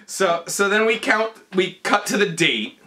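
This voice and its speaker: A drunk young man tells a film's plot in a comedy bit, his voice high-set and bright. He stumbles, restarts and giggles as he goes. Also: animated, unhurried, a little hiss or hum. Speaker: comedy performer. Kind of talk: comedic drunk recap of a movie.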